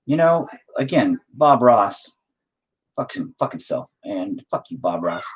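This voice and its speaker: A man with a low, husky voice talks to himself while painting, swearing nearly every line. His pitch swings widely, dropping into whispers and mutters and then jumping up in loud, frustrated flare-ups. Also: sing-song, a little slow. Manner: swears constantly, mutters to himself, self-critical. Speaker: painting streamer. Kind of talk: casual talk while painting.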